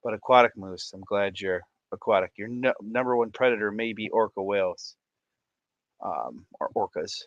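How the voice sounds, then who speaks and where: Excitable, bright-voiced man hosting a livestream. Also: lowish voice, normal speed, no room sound, highs cut off. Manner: goofy and excitable, laughs often, greets viewers by name. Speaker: livestream host. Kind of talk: casual livestream chat.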